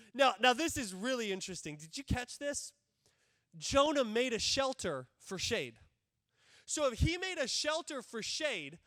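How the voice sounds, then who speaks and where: High-pitched guy preaching a sermon, acts out the characters, dry close mic. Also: dry recording. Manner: animated, acts out biblical characters' voices. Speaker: pastor. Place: church sanctuary.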